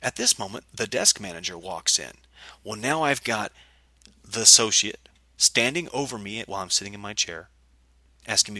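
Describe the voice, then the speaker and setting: A man's voice: fairly low pitch, moderate pace, dry recording. A man telling a story in a casual vlog rant, angry and profane, acting out the people he quotes. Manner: angry, profane, animated retelling. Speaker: vlogger.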